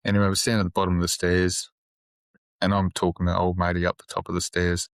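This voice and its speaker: A man's voice: sits low, monotone, quick pace, smooth, dry recording. A man who works as a police officer, sombre and plain-spoken, swearing freely as he tells his story in a casual interview on a close podcast mic.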